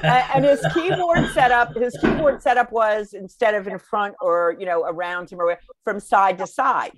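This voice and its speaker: A woman speaks as a guest in a casual conversation. She tells stories in an animated way, often laughs, and sometimes hesitates. Her voice sounds dry, with little room echo. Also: medium pitch, normal speed. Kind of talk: casual storytelling chat.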